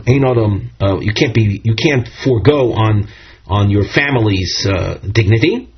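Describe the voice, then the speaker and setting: A man's voice: lowish voice, moderate pace, slightly rough. A man giving a Talmud lesson, reading Hebrew and Aramaic phrases and explaining them, with fillers and restarts. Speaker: Talmud teacher. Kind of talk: Talmud class lecture. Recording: dull lo-fi recording.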